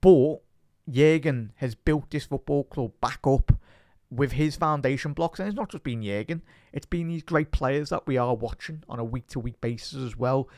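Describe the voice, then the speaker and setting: A man's voice: mid-range voice, normal speed, mellow, no room sound, clean studio sound. A young man from Liverpool with a Scouse accent, talking passionately and a bit rambling in a casual reaction video as a fan channel presenter. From Liverpool, England.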